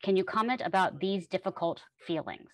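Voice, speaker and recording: A woman's voice: fairly low pitch, a little fast, no room sound, poor audio. A woman in the audience asking an earnest question.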